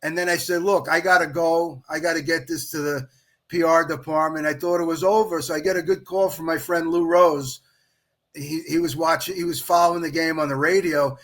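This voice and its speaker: A man's voice: a little high, fairly quick. A middle-aged man, a guest on a podcast, telling a long anecdote in casual chat and quoting others as he goes. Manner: animated anecdote-telling, quotes others in dialogue. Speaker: podcast guest, official baseball scorer.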